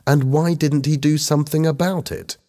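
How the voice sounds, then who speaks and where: A man's voice: on the high side, fairly even intonation, normal speed, warm tone, voice pushed up, close to an everyday voice. A man voicing Helen, an earnest, organised teenage schoolgirl, explaining things patiently in a read-aloud story.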